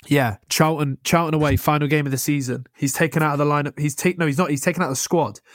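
A man's voice: on the high side, fairly even intonation, no echo, studio quality. A young man, chatting about football as a podcast co-host, passionate and tumbling over his own words. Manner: passionate, rapid, many restarts. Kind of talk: casual football chat.

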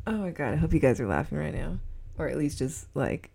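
Low, gravelly Southern Californian woman. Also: lively intonation, normal speed, mellow. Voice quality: says her voice sounds snobby. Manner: rambling, giggly, lots of fillers. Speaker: podcast host. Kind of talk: casual solo podcast chat. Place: indoors at home with a heater on.

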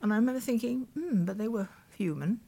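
A woman's voice: fairly high pitch, a little fast, creaky, dark tone. A woman in her eighties from the United Kingdom, a veteran broadcaster recalling her past thoughtfully as an interview guest, often restarting sentences and quoting what people said. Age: 80s. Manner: thoughtful, with frequent restarts and quoted recollections. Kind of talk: reflective storytelling in conversation.

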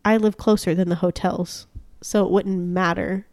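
A young woman chatting casually as a podcast co-host, telling stories with lively acted-out quotes. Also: fairly low pitch, normal speed, dry recording, clean studio sound. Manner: animated storyteller, acts out quotes. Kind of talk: casual chat.

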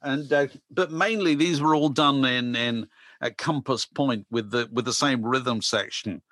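A man's voice: medium pitch, a little slow, a bit bright, no room sound. Male podcast co-host, rambling casual record talk, dry close-mic sound. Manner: rambling, restarts, many asides. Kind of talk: casual chat about records.

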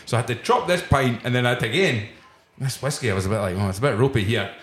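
A man's voice: medium pitch, fast talker, fairly bright tone, reverberant. A Scottish man, the podcast host, telling a casual anecdote in the back room of a pub and laughing often as he goes.

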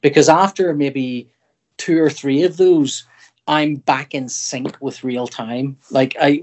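A middle-aged man from Northern Ireland, a comic artist guest in a casual podcast chat, who rambles, breaks off mid-sentence and acts out his own thoughts. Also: fairly high pitch.

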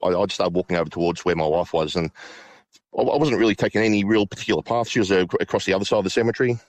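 A middle-aged man recounting a personal ghost story, halting with many restarts and fillers. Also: deep voice, no room sound. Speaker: guest.

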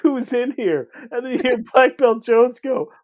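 A podcast co-host in a loose film chat who throws in casual swearing and disbelieving asides. They speak at a mid pitch in an easygoing, conversational way. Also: animated, a little slow, noisy background. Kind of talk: casual movie-review chat.

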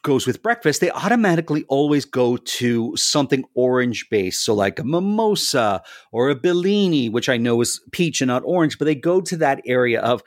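A man's voice: medium pitch, expressive, normal speed, few pauses, no echo, clean studio sound. A man co-hosting a casual food podcast, easygoing and agreeable with a teasing edge. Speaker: podcast co-host.

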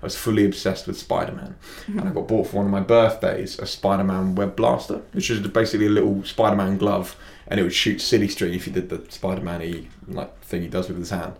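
A man's voice: sits low, steady tone, brisk, creaky, hardly any pauses, reverberant. A man hosting a podcast in a studio, chatting casually. He rambles with restarts and laughs a lot. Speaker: podcast host and personal trainer. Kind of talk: casual chat.

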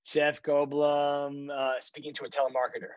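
Male podcast host, somewhat high voice, dry slightly dull mic, short encouraging replies. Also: flat delivery, moderate pace, dry recording. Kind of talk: casual podcast chat.

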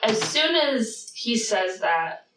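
A woman's voice: a little high, big pitch swings, slow pace. A woman playing a tabletop game, talking casually and hesitantly with restarts. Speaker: player. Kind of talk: tabletop role-play chat. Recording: roomy, distant, noisy room.

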